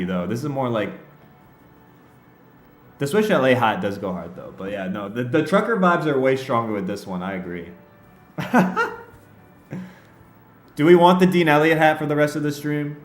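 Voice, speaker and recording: A male streamer with a bouncy, animated voice that swings up and down as he chats. He laughs easily and talks straight to his viewers. Heard in a roomy, echoey space with faint music underneath. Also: mid-range voice. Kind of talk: casual livestream chat and game commentary.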